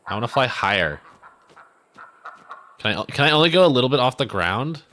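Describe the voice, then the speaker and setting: A man streaming a video game live. He gives casual, excitable commentary full of sudden whoops and rambling self-corrections. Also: mid-range voice, brisk, a little hiss or hum.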